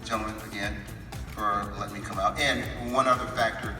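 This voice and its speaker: A man on a convention panel telling an animated story and acting out the calls and quotes in it. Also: on the low side, a little fast. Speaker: panel guest actor. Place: large convention hall. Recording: roomy hall, far from mic, music behind.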